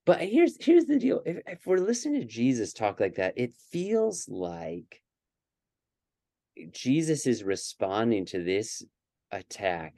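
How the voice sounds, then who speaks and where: A man's voice: medium pitch, huge pitch swings, takes it slowly, mellow, no room sound, studio quality. A man co-hosting a casual scripture discussion, earnest and thinking aloud with many fillers and restarts. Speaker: podcast co-host.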